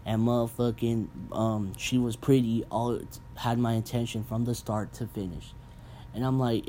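A young man hosting a casual podcast, ranting bluntly and profanely with animated asides. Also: mid-range voice, normal speed, a little hiss or hum. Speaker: podcast host. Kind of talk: casual rant.

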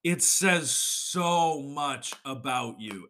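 A young man hosting a solo podcast, ranting with swearing and sudden shouted bursts. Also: a little high, big pitch swings, a little slow. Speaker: podcast host.

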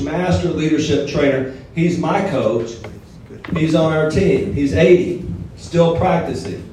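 A middle-aged man with a Southern drawl tells stories from a stage and jokes with the crowd. His voice sits a little high for a man. The sound is heard from some distance, in a big echoing hall with a faint hiss behind it. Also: darkish tone. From southern Alabama. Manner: storytelling, joking with the audience. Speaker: guest speaker. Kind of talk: motivational speech. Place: large hall before a live audience.

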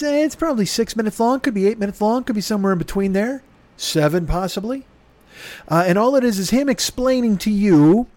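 A man's voice: a little high, a little mellow, dry recording. A man hosting a comedy podcast, talking into a microphone and rambling through a profane, self-mocking plug. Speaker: podcast host. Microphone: studio microphone.

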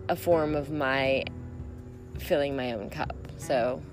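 A woman's voice: very deep voice, slow. A woman hosting a solo podcast, talking in a rambling, reflective way and laughing often. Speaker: podcast host. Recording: music playing behind.

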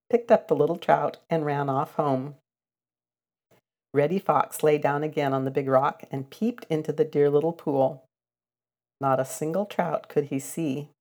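An older woman reading a children's storybook aloud, gentle and expressive with a sing-song lilt. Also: sits low, a little slow.

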